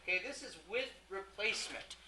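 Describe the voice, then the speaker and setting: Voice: medium pitch, animated, a little fast, bright, forceful tone, a little hiss or hum, low-quality recording. A math teacher giving a classroom lecture, who keeps checking in with the class, poses questions and corrects their own slips.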